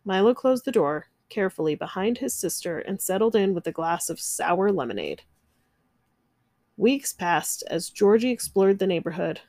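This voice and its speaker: A woman reading a children's picture book aloud, gentle and expressive. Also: mid-range voice, normal speed, dry recording, clean studio sound. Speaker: narrator. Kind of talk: children's storybook read-aloud.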